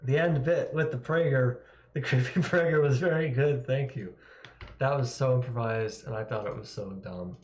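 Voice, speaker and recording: A man's voice: medium pitch, normal speed. A man chatting casually with viewers on a live stream, rambling and self-mocking and laughing often, from home. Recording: roomy, dull lo-fi sound.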